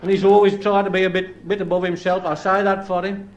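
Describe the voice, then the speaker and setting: A Black Country comedian from England recites rhyming dialect verse and tells stories in a chatty stand-up style. His voice is high-pitched and fairly quick with a level tone, and the audio is dull with slight background noise.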